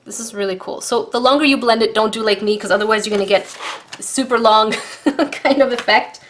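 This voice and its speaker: Bubbly woman vlogger, higher voice, easily thrilled, talks straight to viewers. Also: a little fast. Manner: gushing, excitable, addresses viewers as guys. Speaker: art supplies vlogger. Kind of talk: casual unboxing review.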